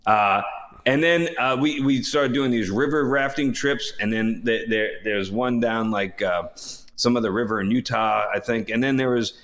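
An easygoing man with a mid-range voice tells an outdoor adventure story in relaxed conversation. He wanders, repeats himself and restarts phrases. He laughs at his own story. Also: mid-range voice, moderate pace. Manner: rambling, self-interrupting storyteller, laughs often. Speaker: former astronaut, podcast co-host. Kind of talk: casual storytelling chat. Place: home by the water.

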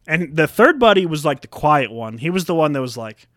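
Young male podcast co-host. Bright, dry-miked voice, slightly high; swears a lot, rants, acts out the people he quotes. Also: a little fast, no echo. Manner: profane, animated storytelling with acted-out quotes. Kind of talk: casual ranting chat.

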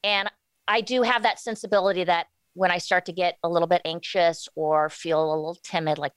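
A woman in her forties speaks candidly as a guest in an interview, stopping and restarting her thoughts as she goes. Her voice sits a little low. The sound is dry and close, with no room in it. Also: a bit bright, clean tone, dry recording. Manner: candid, halting with many restarts. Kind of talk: casual interview talk.

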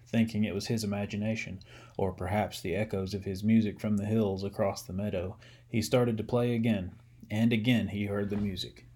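A man reading a story aloud in a measured, gently expressive way. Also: on the low side, husky.

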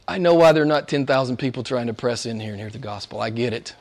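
A man preaching a sermon, swinging from hushed, whispered lines to loud, high exclamations, with playful asides and frequent laughs. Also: fast talker, few pauses.

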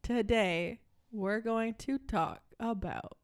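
A woman hosts a casual true-crime podcast, presenting the case with jokey asides and frequent laughter. Her voice is fairly high in pitch, and she takes it slowly.

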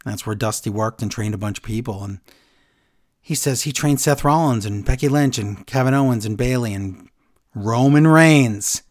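Animated man recapping a story. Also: mid-range voice, moderate pace. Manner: animated storyteller, quoting others in a flat retelling voice. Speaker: podcast co-host. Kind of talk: casual chat, recapping a wrestling segment.

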